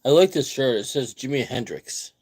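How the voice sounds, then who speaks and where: A man's voice: mid-range voice, lively intonation, normal speed, a little mellow, husky. A man hosting his own vlog, rambling casually, repeating words and restarting his sentences. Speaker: vlogger host.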